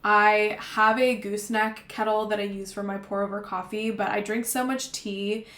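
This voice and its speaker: A young woman talks casually and loosely to camera, filling her sentences with little fillers and restarts. Her voice sits at an ordinary middle pitch. The room around her is noticeably echoey. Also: flat delivery, moderate pace, fairly bright tone. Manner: chatty, rambling, lots of fillers. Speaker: vlogger. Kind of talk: casual gift-guide talk to camera. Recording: roomy echo.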